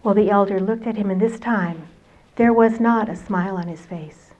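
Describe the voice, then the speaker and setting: A woman storyteller telling a tale aloud in an expressive, conversational way. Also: medium pitch, moderate pace. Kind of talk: oral storytelling performance. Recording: dull lo-fi recording.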